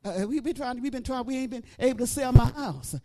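A middle-aged woman preacher giving an animated testimony, breaking into praise and shouting at the peaks. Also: sits high, fast, background noise. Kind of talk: testimony sermon.

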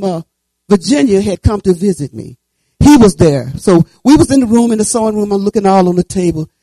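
A woman in her seventies preaching, telling a folksy personal story and breaking into fervent shouts of praise. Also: mid-range voice, breathy edge, no room sound, rough recording. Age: 70s. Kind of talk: sermon testimony and prayer.

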